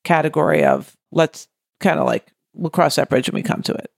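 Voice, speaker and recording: A woman co-host chats in a relaxed, searching way, asking herself questions as she thinks. Her voice carries a gravelly fry. The sound is dry and close to the mic. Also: deep voice, fairly quick, no echo. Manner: thoughtful, asks herself questions. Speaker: podcast co-host. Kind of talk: casual chat.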